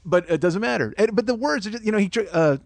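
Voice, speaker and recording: A man's voice: high-pitched, lively intonation, fast, gravelly, dry recording. A man hosting a podcast, telling a comic story in a rambling, profane, self-mocking rant. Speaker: podcast host. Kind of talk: comedic storytelling monologue.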